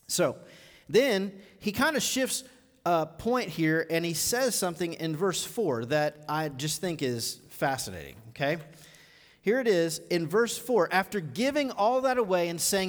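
A male pastor preaching a live sermon, moving from low, measured teaching to loud, rising exhortation. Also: lively intonation, long reverb tail. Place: church auditorium.

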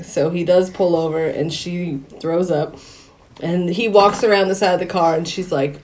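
A woman's voice: fairly low pitch, steady tone, measured pace, darkish tone. A woman co-hosting a podcast, retelling a movie plot in casual chat, acting out the characters' lines and laughing often. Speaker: podcast co-host.

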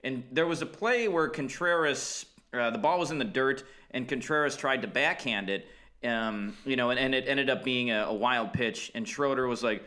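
Man from Wisconsin, sports podcast co-host, opinionated storyteller, bright forceful tone. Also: medium pitch, normal speed. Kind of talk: casual sports podcast chat.

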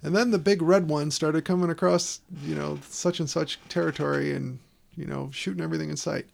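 A man talks films in loose, easygoing chat, his voice a touch high and gravelly. He is animated and playful. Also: a little fast. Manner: animated, playful, slips into silly put-on voices. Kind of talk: casual chat.

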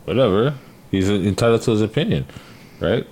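A man with a somewhat low voice talking through his take on a rap song. He argues steadily and at length in relaxed podcast chat. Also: brisk. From Canada. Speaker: podcast co-host. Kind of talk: casual chat about music.

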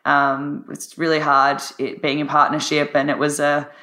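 A husky-voiced woman, a guest on a podcast, talking with enthusiasm and laughing often. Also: low voice, completely flat delivery, normal speed, sharp tone, reverberant. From Australia. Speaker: podcast guest, life coach. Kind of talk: casual interview chat.

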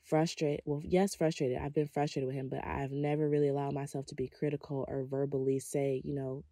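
A woman's voice: a bass voice, flat delivery, normal speed, warm tone, dry recording, clean studio sound. A woman leading a guided breathing session, sharing personal stories in an earnest, conversational way with a spiritual coaching tone.

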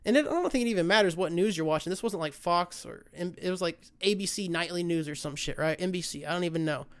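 A man's voice: sits high, quick pace, clear, resonant tone. An American man hosting his own podcast, talking in a rambling, profane, fired-up rant. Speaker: podcast host. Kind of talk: casual solo rant.

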